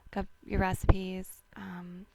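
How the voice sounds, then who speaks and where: A woman hosting a wellness talk, giving casual seasonal health advice in a slow, rambling way with many fillers and restarts. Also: medium pitch, completely flat delivery, gravelly, background noise. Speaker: wellness host.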